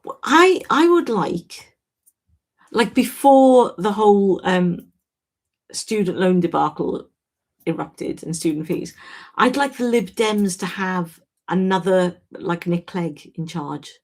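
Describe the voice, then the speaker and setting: A woman's voice: lowish voice, expressive, slow pace. A woman hosting a casual livestream, reading out viewers' names and chatting frankly, often breaking off and restarting her sentences. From Wales. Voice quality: chatty, self-interrupting, frank. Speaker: livestream host. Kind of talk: casual live chat reading viewer comments.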